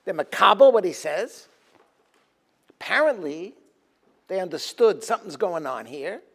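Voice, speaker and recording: A man's voice: high-pitched, big pitch swings, measured pace, vocal fry, fairly bright tone, slightly rough. A man, a rabbi giving a Talmud lecture, moving between quoted Hebrew text and emphatic English explanation. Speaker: rabbi teaching a Tisha B'Av program.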